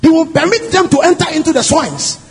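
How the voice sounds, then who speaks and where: A man preaching a sermon in an emphatic, animated way, often asking the congregation questions. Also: extremely high pitch, fairly quick. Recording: long hall reverb, faint music.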